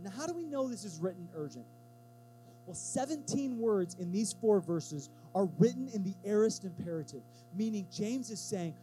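A church pastor with a high voice preaches to his congregation at a moderate pace, relaxed yet emphatic, voicing quotes in lively characters. Faint music plays behind him, and the audio quality is poor.

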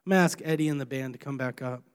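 A man, a young adult pastor, preaching a sermon in a lively, animated way, sometimes acting out strained, breathless voices. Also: medium pitch, very fast, clean tone.

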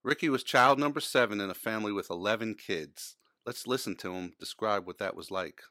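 Brief: male podcast host, bright crisp voice, dry close sound, earnest scripted read. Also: fairly low pitch, no room sound. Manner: measured, earnest intro reading.

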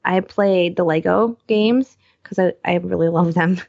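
A woman co-hosting and producing a podcast, chatting in a rambling, excitable way and acting out what people said. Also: lowish voice, a little slow, gravelly, dull audio. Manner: rambling, excitable storyteller who acts out quotes. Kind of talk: casual chat.

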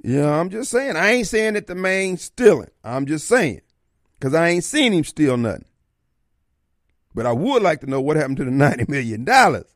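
Man, talk radio host, folksy, theatrical, lively swooping pitch, dry close sound. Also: moderate pace, no room sound. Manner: theatrical, folksy, slips into voices and asides. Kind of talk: opinionated talk radio monologue. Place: radio studio.

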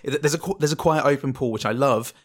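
A man's voice: medium pitch, fairly quick. Rambling man co-hosting banter. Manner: rambling, stumbles and repeats himself, jokey. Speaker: podcast co-host. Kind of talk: casual film review banter.

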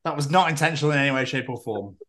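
A man's voice: medium pitch, very fast. A man co-hosting a podcast, joking and swearing in casual chat, with frequent laughs. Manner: sweary, jokey, lively, bursts of laughter. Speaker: podcast co-host.

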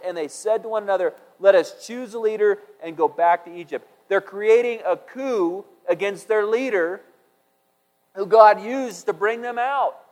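A man preaching a sermon, reading scripture aloud and acting out the quotes with big swings in volume. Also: sits high. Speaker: pastor. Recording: long hall reverb.

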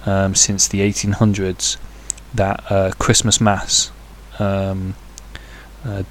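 Casual male podcaster, somewhat low voice, meandering delivery full of ums and crude humour. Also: level tone, slow, a little hiss or hum. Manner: rambling, hesitant with many fillers, crude jokey asides. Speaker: podcast host. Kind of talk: casual solo podcast chat.

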